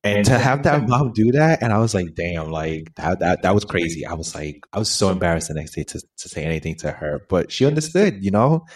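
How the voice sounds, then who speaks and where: Fast and with few pauses, this fairly low-pitched man swings his pitch widely in a dry recording. A young co-host from a Puerto Rican family, he laughs through a casual story on a podcast, seated face to face at home.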